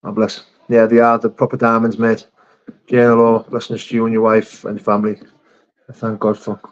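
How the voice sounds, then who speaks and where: A man hosting a casual live stream, reading viewer comments aloud and answering them with frank, sweary chat. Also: medium pitch. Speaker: livestream host. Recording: slightly dull lo-fi stream audio.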